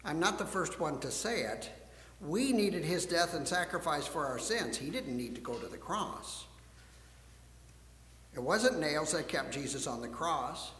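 High-voiced pastor in an echoing church. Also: male voice, measured pace. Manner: expressive storyteller, shifts between hush and emphasis. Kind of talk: storybook reading and sermon. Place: church sanctuary. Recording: echoey church hall.

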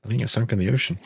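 A man's voice: fairly low pitch, slight background noise. A young man giving goofy, easily startled commentary while playing a Minecraft survival game, talking to himself with gasps and jokes. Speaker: gaming YouTuber. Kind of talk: Minecraft let's play commentary.

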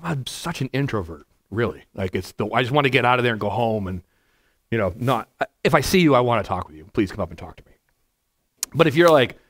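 A man, a pastor, giving a conversational verse-by-verse sermon to a congregation in a church, with a naturally loud voice and frequent "right?" asides. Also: mid-range voice, lively intonation, fast. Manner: naturally loud, chatty, asks the room "right?". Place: church sanctuary before a congregation.

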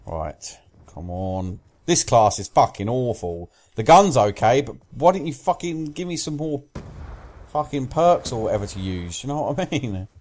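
A young British man commentates his own gameplay, swearing constantly and raging at teammates and enemies alike. His mid-range voice swings widely in pitch, with a darkish tone and a normal pace.

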